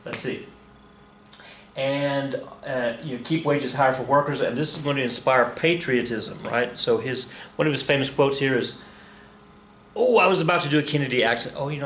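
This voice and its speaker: A man's voice: medium pitch, brisk, fairly bright tone, roomy sound, a little hiss or hum. Chatty middle-aged male history teacher. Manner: chatty, joking asides, self-corrections. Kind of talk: casual recorded lesson.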